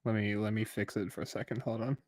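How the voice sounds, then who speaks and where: A man's voice: fairly low pitch, level tone, fast, darkish tone, no echo, faint music behind. A man co-hosting a reaction show, making mocking remarks and laughing often. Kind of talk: casual banter.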